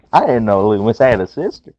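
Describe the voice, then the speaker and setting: A man co-hosting a casual podcast chat, laughing often and swearing in animated bursts. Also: on the low side, normal speed, muffled recording, a crowd in the background. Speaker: podcast co-host.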